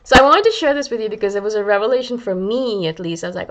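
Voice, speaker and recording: A woman vlogger talking casually to her viewers, chatty and animated, often adding "right?" and "you know", and acting out the voices in her head. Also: mid-range voice, racing, highs cut off. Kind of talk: casual talk to camera.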